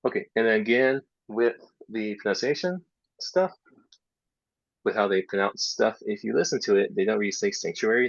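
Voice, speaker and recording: Deep gravelly man giving a workshop talk. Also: brisk, dry recording. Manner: explains step by step, drops into soft half-whispered asides. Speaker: English teacher trainer. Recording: dull lo-fi sound.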